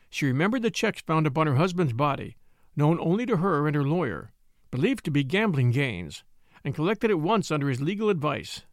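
Expressive male storyteller, dry close sound. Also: on the high side, no room sound. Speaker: audiobook narrator. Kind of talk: scripted story narration.

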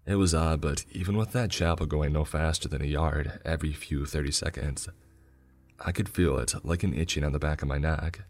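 A man narrating a scripted horror story in a measured, grim storytelling manner. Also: rumbling low, steady tone, a little mellow.

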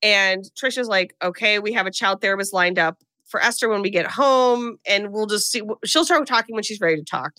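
A woman co-hosting a podcast, telling a movie plot in animated, comic style and acting out the characters' lines. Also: medium pitch, brisk, hardly any pauses, dry recording. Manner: animated storytelling, acts out characters' lines in put-on voices. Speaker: podcast co-host recapping a film. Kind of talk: casual comedic movie recap.

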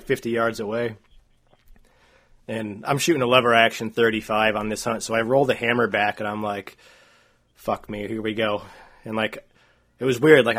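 Rambling man telling a hunting story. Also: medium pitch. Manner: rambling, animated, frequent "like" and "uh". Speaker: podcast co-host. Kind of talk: casual storytelling.

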